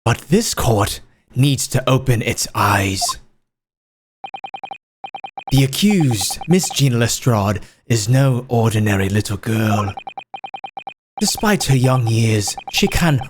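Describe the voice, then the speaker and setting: A man's voice: mid-range voice, animated, measured pace, background noise, pitched below the performer's own voice, natural voice. Man playing a pompous, haughty aristocrat prosecutor. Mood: accusing. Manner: pompous, formal courtroom oratory. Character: haughty aristocratic male prosecutor, cold and contemptuous. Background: game music.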